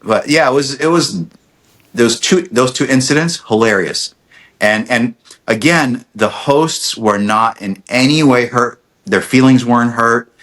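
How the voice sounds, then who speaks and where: A man's voice: medium pitch, measured pace. A middle-aged man casually telling a family story on a podcast, acting out quotes with lots of restarts. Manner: animated storyteller, acts out quotes, many restarts. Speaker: podcast guest, dentist.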